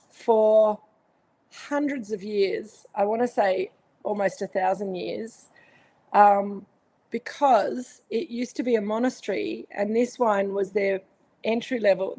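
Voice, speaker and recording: A woman's voice: mid-range voice, darkish tone. An Australian woman hosting a live online wine tasting from home, chatting casually, greeting viewers by name with lots of fillers. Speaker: winemaker and host of a live virtual tasting. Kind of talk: casual live-stream chat.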